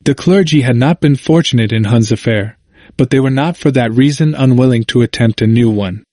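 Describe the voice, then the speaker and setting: A man narrates a history text in a steady, measured reading voice of middling pitch. The recording is dry and close, with no room sound around him. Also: dry recording. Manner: steady, measured reading, quotes read with only slight lift. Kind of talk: scripted narration of a history book.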